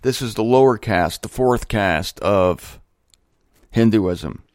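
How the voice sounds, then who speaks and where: A man hosting a show alone, talking casually with joking asides and lively shifts. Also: lowish voice, slow, no room sound. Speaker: host. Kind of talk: casual monologue on religion.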